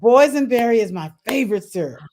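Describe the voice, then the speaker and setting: A woman's voice: on the high side, expressive, fairly quick, mellow. A woman appearing as a talk-show guest, speaking in friendly, matter-of-fact casual chat.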